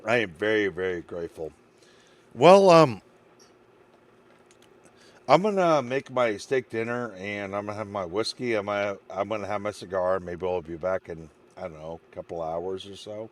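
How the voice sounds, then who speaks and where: Deep-voiced man, emotional streamer sign-off. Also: fairly quick, hardly any pauses. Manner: rambling, heartfelt and emotional, many fillers. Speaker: game streamer. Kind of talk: casual stream sign-off chat.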